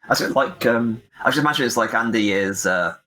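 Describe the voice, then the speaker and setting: A man's voice: medium pitch, fairly quick, bright, forceful tone, poor audio. A man playing a tabletop role-playing game, describing his character hesitantly with many fillers. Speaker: player. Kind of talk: tabletop role-play narration.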